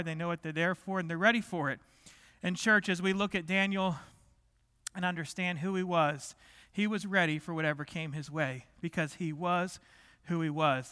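A man's voice: sits high, bright, forceful tone, clear, resonant tone. A middle-aged man preaching a sermon as pastor, talking in a conversational way and joking with the congregation. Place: large church sanctuary. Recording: long hall reverb.

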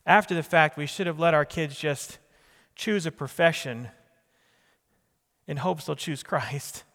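A man preaching with emphatic repetition and questions thrown to his congregation. His voice sits fairly high for a man. Long reverb trails each phrase, as in a big church sanctuary. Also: slow, creaky, a bit bright. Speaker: pastor. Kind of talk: sermon.

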